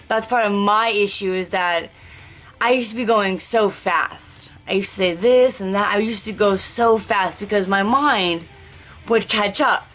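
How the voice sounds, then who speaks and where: A woman's voice: medium pitch, a bit bright, soft background music. Candid woman groping for words. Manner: rambling, searching for words, with restarts and sighs; slow, deliberate pacing. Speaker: vlogger sharing life after a stroke. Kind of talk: candid personal vlog.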